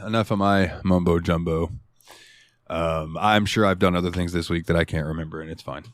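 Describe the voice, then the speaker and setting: A man's voice: deep voice, fairly even intonation, a little fast, dry recording, clean studio sound. A man co-hosting a gaming podcast, telling rambling, profane stories in casual chat. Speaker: podcast co-host.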